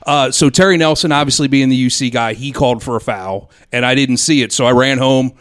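A man's voice: medium pitch, a little fast, a bit bright, clean tone. A man hosting a casual sports podcast, asking his guests pointed questions. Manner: curious, questioning.

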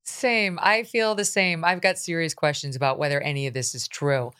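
A middle-aged woman hosting a talk show, blunt and animated, quick to laugh. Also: deep voice, clear, resonant tone. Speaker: host.

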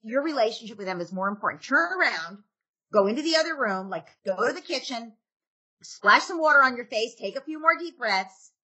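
A parenting author gives advice in a podcast interview, speaking in a fairly high, animated, quick voice that sounds pushed and bright. She earnestly checks in with "right?" as she makes her points and acts out quotes from parents and children.

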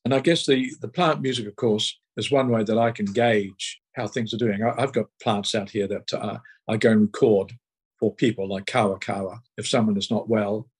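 An older man, telling stories at a rambling pace as an interview guest, pausing on fillers. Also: fairly low pitch, fairly even intonation, slightly rough, rough recording. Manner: rambling storytelling with hesitant fillers. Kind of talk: relaxed conversational interview.

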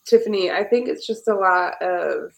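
A woman's voice: medium pitch, normal speed, creaky, low-quality recording. A woman on a podcast panel earnestly and patiently explaining her side in casual chat, touching on her faith.

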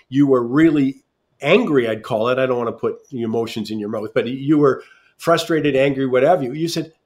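A man's voice: mid-range voice, darkish tone. Chatty, emphatic male radio host. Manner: chatty, emphatic, thinks aloud. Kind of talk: radio talk show interview.

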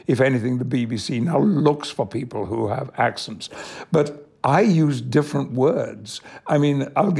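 An older Englishman from Yorkshire answers interview questions in a measured, storytelling way. His voice is strongly gravelly and husky, and his pitch sits in the middle range. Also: a little mellow. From Yorkshire, England. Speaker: actor guest.

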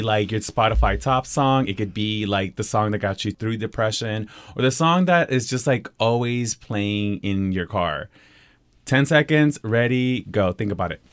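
A man's voice: on the low side, dry recording. A man hosting a casual podcast from a studio, playful and laughing often. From Los Angeles. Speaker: podcast host. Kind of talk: casual chat. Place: radio studio.

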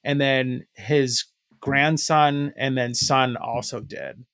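A man's voice: medium pitch, fairly even intonation, slow, a bit bright, dry recording, studio quality. A man co-hosting a podcast, chatting loosely and telling rambling stories full of filler words. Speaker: podcast co-host. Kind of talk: casual chat.

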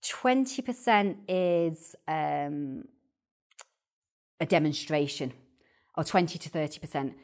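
A woman appears as a guest on a podcast about early years teaching, chatting casually. Her voice is low-pitched and slow with frequent pauses, and she's animated, often repeating words as she starts a thought.

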